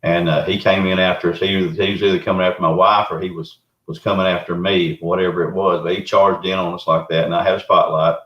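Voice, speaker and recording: A deep-voiced Southern man from Arkansas, a guest who researches Bigfoot, tells a folksy story casually at a quick pace. His retelling is rambling and animated. The remote audio is roomy, dull, and lo-fi.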